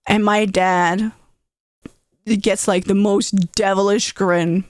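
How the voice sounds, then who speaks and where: Animated storytelling woman, unhurried. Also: mid-range voice, clean tone, dry recording, clean studio sound. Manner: animated, acting out voices. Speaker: streamer. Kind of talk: casual storytelling.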